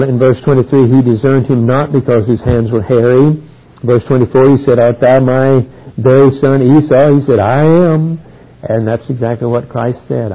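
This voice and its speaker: A man with a husky voice teaching through a Bible passage verse by verse, reading each verse aloud and then explaining it. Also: medium pitch. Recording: tinny phone-like old recording.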